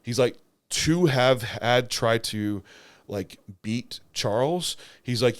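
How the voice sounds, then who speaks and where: A man's voice: medium pitch, slow, clear, resonant tone. A young man co-hosting a podcast, talking casually about his bodybuilding competition, rambling with many filler words and restarts.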